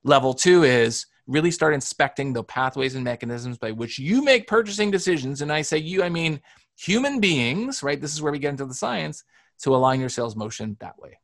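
A man from Canada, a sales author, answering interview questions in an energetic, explanatory way with rhetorical questions. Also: a little high, fairly quick.

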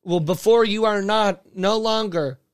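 Teasing young man with a high voice. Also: a little slow, smooth. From San Diego, US. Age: young adult. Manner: teasing, joking. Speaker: podcast co-host. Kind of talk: casual chat.

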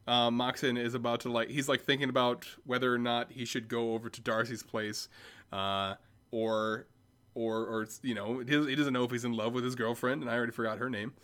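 A man's voice: medium pitch, level tone, brisk, fairly bright tone. A man co-hosting a podcast, joking and swearing casually about a movie. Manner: joking, swearing, laughs often. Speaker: podcast co-host.

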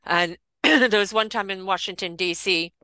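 A woman with a South African accent tells a candid, lively story. Her voice is bright and tense. The sound is dry, with no room echo. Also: medium pitch, moderate pace. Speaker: podcast host. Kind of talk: casual conversational storytelling. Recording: dry close recording.

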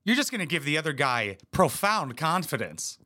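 Man, sarcastic and profane, bright tense voice, bouncy swinging pitch, mocking comedy commentary. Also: very animated, moderate pace. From United States. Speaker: commentary YouTuber. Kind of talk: crude comedic reaction commentary.

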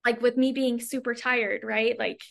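A woman's voice: fairly high pitch, steady tone, moderate pace, creaky, fairly bright tone. A woman hosting a casual podcast conversation, a mother who talks chattily with lots of fillers and frequent laughs. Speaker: podcast host; mother of a young child.

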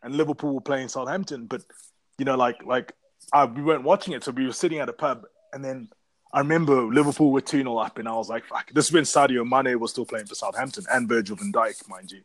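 A man's voice: mid-range voice, fast talker, dry recording. A man from Africa, telling stories in casual, profane chat as a podcast co-host. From South Africa. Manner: rambling, profane storytelling.

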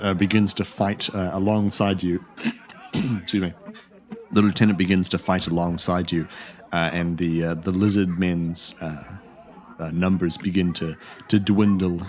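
Low-voiced man running a tabletop game. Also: darkish tone. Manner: rambling, with many "uh" fillers and restarts. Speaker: game master. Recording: dull lo-fi audio.

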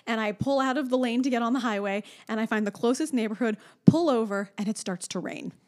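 Woman, 30s, casual storyteller, slightly high voice, lively. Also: fast. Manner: animated storyteller, acts out a toddler's high voice. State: pregnant.

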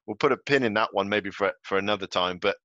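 A man hosting a casual interview, asking relaxed questions with plenty of fillers and hesitations. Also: fairly low pitch, fast, no room sound, lo-fi sound. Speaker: podcast host.

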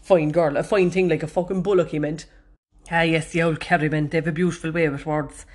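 A woman's voice: deep voice, fairly even intonation, a little fast, darkish tone. A woman from Ireland with a Cork accent, hosting a podcast and telling stories in a chatty, self-mocking way that is full of swearing. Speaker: podcast host. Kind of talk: casual storytelling monologue.

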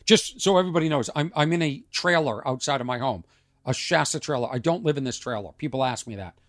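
A man's voice: mid-range voice, fast talker, dry recording, studio quality. A man hosting a podcast, ranting in a casual monologue from a trailer outside his home. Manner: ranting, rhetorical questions. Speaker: podcast host and comedian.

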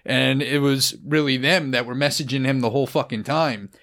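A man's voice: medium pitch, steady tone, moderate pace, a bit bright. New England man, podcast co-host, rambles and swears through casual stories. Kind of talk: casual crude chat.

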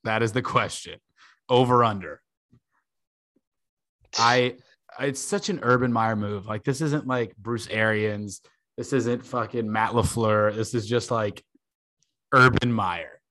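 A man's voice: fairly low pitch, takes it slowly, long pauses, dry recording. Young man, podcast co-host, casual profane banter, dry close sound. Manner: profane, joking, animated storytelling.

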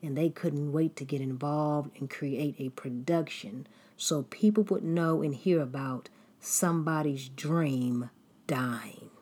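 A woman preacher with a low, husky voice delivers her sermon at an unhurried pace. She builds her points through repetition and deliberate emphasis, and her cadence steadily drives each phrase home. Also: mellow.

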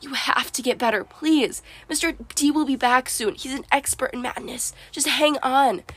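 A woman reading a tough teenage girl who speaks gently and sadly, coaxing and pleading, in a storybook. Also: high-pitched, fairly even intonation, moderate pace, dry recording, pitched above the performer's own voice.

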